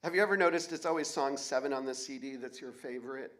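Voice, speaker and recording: A man's voice: mid-range voice, quick pace, fairly bright tone. A man in his forties performing a personal story on stage, candid and wry, with blunt swearing. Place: auditorium stage.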